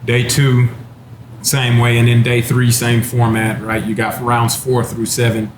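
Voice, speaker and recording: A man's voice: medium pitch, monotone, a little slow. A man in his thirties from Texas spins a long personal story in an easygoing, conversational voice. He laughs often as he talks. The recording is roomy with a faint hum of the venue behind him. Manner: laid-back, laughing storyteller. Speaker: former NFL running back, panelist. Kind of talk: casual storytelling chat. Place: wine bar, indoors.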